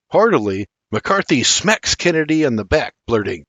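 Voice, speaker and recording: Older man narrating a storybook, lively voice. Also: mid-range voice, normal speed, few pauses, dry recording, lo-fi sound. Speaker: audiobook narrator.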